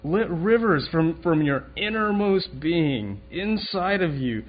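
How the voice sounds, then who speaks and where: A man's voice: fairly high pitch, sing-song, slow pace. A man preaching a sermon in a conversational way, asking the room questions and often restarting his sentences. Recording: dull lo-fi recording, faint room noise.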